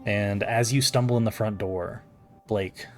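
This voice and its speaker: Male game master, relaxed descriptive narration, low-ish voice. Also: a little slow, soft background music.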